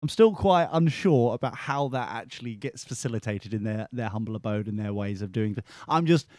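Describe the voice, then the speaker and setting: A man's voice: on the low side, animated, brisk, darkish tone, dry recording, clean studio sound. A man hosting a podcast, giving sarcastic, exasperated commentary over a news clip. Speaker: podcast host.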